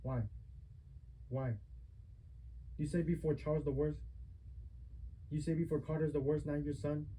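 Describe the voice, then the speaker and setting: A man's voice: fairly high pitch, flat delivery, measured pace, pauses often, dark tone, slight background noise, poor audio. A man, an adult son, confronting his mother in a heated family argument recorded on a phone, lecturing her with repeated rhetorical questions.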